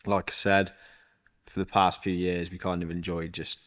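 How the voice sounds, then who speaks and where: A man's voice: low-pitched, level tone, normal speed, fairly bright tone. A young man in his twenties, interviewed for a documentary, telling a story in a casual, loose way with swearing and quoted dialogue. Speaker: interviewee, rapper.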